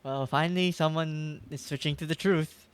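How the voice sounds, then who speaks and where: A man's voice: fairly high pitch, steady tone, moderate pace, slight background noise. Chatty man streaming a game. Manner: chatty, laughs often, reads text aloud. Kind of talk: casual gameplay commentary.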